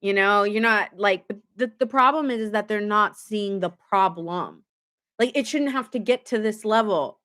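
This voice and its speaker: A woman's voice: medium pitch, moderate pace, pushed and bright. Chatty woman giving a live tarot reading. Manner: chatty, laughs often, acts out quoted voices. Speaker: tarot reader streaming live.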